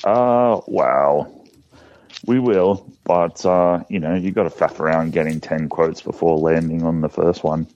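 A man's voice: low-pitched, a little slow, darkish tone, lo-fi sound. A man from Australia chatting on a podcast with dry, laid-back humour. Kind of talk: casual chat.

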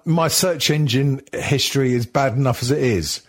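A man born in Wales hosting a podcast, chatting casually with sweary jokes and quick restarts. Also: mid-range voice. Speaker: podcast host. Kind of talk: casual banter.

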